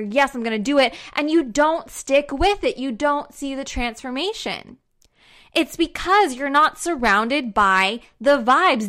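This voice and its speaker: A woman's voice: sits high, fairly bright tone. A young woman giving an emphatic, fired-up motivational talk to her followers, repeating herself for punch and swearing casually.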